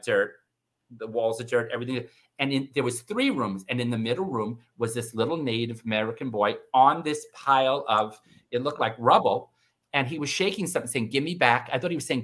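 A middle-aged man telling a personal story in casual conversation, animated and acting out the voices of the people in it. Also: a little fast. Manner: animated, acts out quoted voices with big pitch jumps. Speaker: guest.

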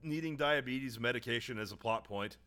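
A man co-hosting a comedy podcast about a movie, sarcastic and profane, trading deadpan jabs. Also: mid-range voice, brisk. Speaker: podcast co-host. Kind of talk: casual comedic movie chat.

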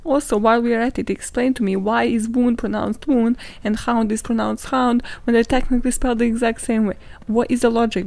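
A young woman hosting a podcast, telling stories in a casual, sweary, animated way and laughing often. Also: a little high, creaky, no room sound. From not British, lives in London. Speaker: podcast host. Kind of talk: casual chatty storytelling.

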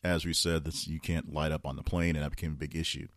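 A man's voice: very deep voice, level tone, fast, fairly bright tone, no room sound, studio quality. A man hosting a weekly news roundup podcast, reading headlines aloud and chatting loosely around them with restarts. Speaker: podcast host.

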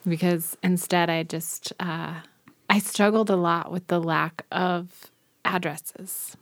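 A woman hosting a podcast, chatting casually and asking quick curious questions. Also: fairly low pitch, fairly even intonation, no room sound. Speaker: podcast host. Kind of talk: casual chat.

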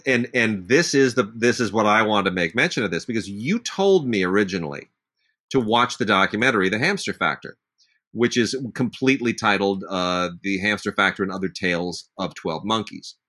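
A man's voice: lowish voice, lively intonation, a little fast, sharp tone. A middle-aged man co-hosting a casual film discussion, talking in an enthusiastic, knowledgeable way and dropping names. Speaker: podcast co-host.

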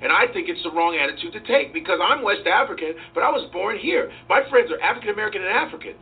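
A man being interviewed as a comedian, talking in an animated, profane way and acting out voices as he goes. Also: high-pitched, quick pace, faint music behind. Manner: profane, acts out voices and quotes. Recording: distant tinny sound with faint hiss.

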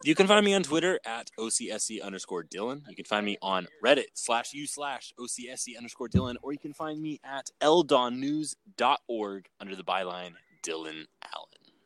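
A drunk man jokes his way through a podcast segment. His pitch swings widely and playfully, and he has a goofy, loose delivery. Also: big pitch swings, brisk, fairly bright tone, dry recording. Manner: goofy, joking, sing-song delivery. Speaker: podcast co-host. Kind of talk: casual podcast chat.

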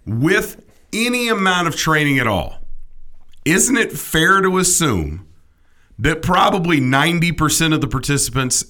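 A man's voice: on the high side, bright, forceful tone. A middle-aged man co-hosting a casual comedic chat, ranting with opinionated, mock-indignant energy. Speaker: podcast co-host.

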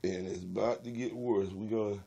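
Gravelly, husky man hosting a podcast. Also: on the low side, fairly even intonation, a little fast, dark tone, dull audio. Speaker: host. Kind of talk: casual podcast chat.

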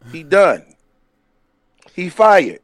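A man co-hosting a casual podcast chat, animated and laughing as he acts out what others said. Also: sits high, extremely slow. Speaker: podcast co-host.

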